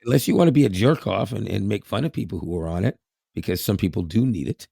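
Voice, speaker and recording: Gravelly middle-aged man chatting. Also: fairly low pitch, animated, quick pace, warm tone, no echo, studio quality. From Canada. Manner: chatty, laughs often, repeats words. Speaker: podcast co-host. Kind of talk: casual chat.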